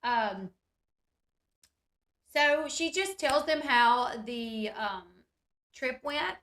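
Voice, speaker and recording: Woman, casual show recap, chatty, talks to viewers, bright tone, a bit high. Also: expressive, extremely slow. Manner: chatty, addresses viewers as "you guys", lots of "like". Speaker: reality TV recap YouTuber.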